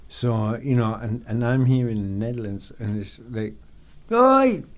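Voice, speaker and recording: A man's voice: mid-range voice, flat delivery, moderate pace, mellow. An English man with an English accent in casual podcast chat, rambling with many fillers and frequent swearing. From England. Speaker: podcast guest.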